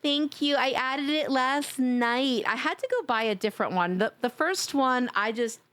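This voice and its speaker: A woman's voice: high-pitched, moderate pace, fairly bright tone. A woman live-streaming, chatting casually with her viewers, gushing and playful as she reads chat aloud.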